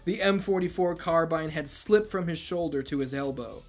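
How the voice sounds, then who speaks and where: Man, fairly high voice, novel read-aloud, sarcastic asides, faint music. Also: normal speed. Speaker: reader and host.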